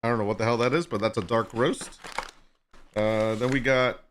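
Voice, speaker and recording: A man's voice: medium pitch, steady tone, normal speed, slight background noise. A man hosting a casual livestream chat, joking with and teasing viewers and greeting them by name. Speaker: livestream host.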